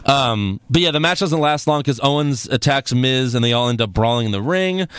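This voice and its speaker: A man hosting a casual chat, recapping events in an animated, rambling way and swearing freely. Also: medium pitch, normal speed, clean tone, no echo. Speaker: podcast host recapping wrestling.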